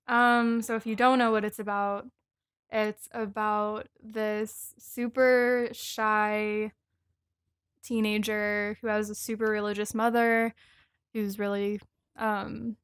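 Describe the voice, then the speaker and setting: A young woman pitching a movie in casual podcast chat, hesitant and full of fillers. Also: clear, resonant tone, no room sound, clean studio sound.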